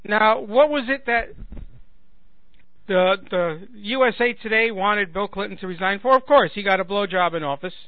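A man with a fairly high voice rants in an indignant, sarcastic monologue, circling back and repeating himself as he builds his point. The sound is dry and squeezed into a thin, telephone-like band, like talk radio. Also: moderate pace, dry recording. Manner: sarcastic, indignant, repeats words while thinking. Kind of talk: political commentary monologue.

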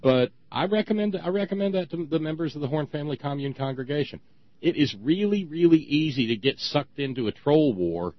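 A man's voice: a little high, animated, dry recording. Guy co-hosting a talk show, sarcastic and ranty, trips over his words a lot, dry muffled sound. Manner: sarcastic, ranting, halting restarts. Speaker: podcast co-host. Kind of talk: casual opinion talk.

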